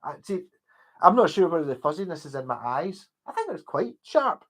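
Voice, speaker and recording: A man's voice: a little high, sing-song, a little fast, a bit bright. A Scottish man in his forties hosting a livestream, chatting casually and telling rambling anecdotes with a chuckle. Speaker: livestream host.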